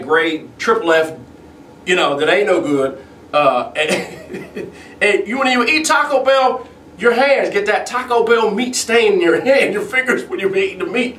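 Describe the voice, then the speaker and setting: A man's voice: sits high, bright, forceful tone, slight background noise. Griping comedic weatherman outdoors, far off. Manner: rambling, griping, laughs often. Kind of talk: improvised comedic monologue. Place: outdoors at sunset. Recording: distant outdoor mic with echo.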